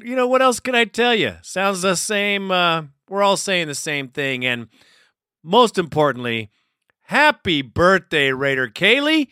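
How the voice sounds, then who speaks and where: A man's voice: high voice, sharp tone, clear, resonant tone, no echo, studio quality. A man hosting a fan podcast, talking casually with some profanity. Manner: profane, laid-back. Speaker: podcast host.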